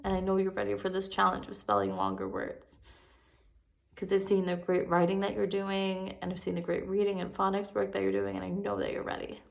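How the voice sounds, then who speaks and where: A first grade spelling lesson on video is led by a woman whose medium-pitched voice has vocal fry. She draws words out slowly for her young students, patient and encouraging throughout.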